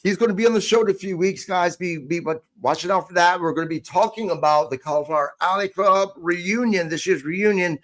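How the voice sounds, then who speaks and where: Man, podcast host, high voice, upbeat, reads chat comments. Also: brisk, few pauses, fairly bright tone.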